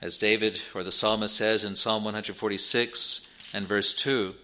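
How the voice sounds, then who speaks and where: Earnest male preacher, bright voice. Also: steady tone, moderate pace. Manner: earnest, rises in pitch and volume on scripture quotes. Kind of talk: sermon.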